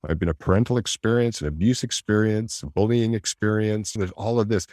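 A man talking in a reflective conversation, animated, acting out inner voices and laughing often. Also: on the low side, fairly quick, dry recording, studio quality.

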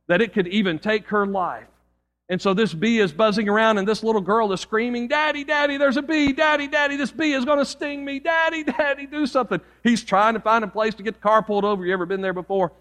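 A pastor preaching a sermon and telling an illustration story in an earnest manner, often dropping low and quiet for emphasis. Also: male voice.

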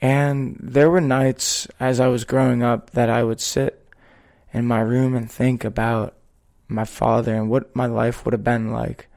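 A man hosting a podcast, talking in a slow, measured and earnest way as he tells a personal story. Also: mid-range voice, little pitch movement, gravelly, a little mellow. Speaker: podcast host. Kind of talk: reflective podcast conversation.

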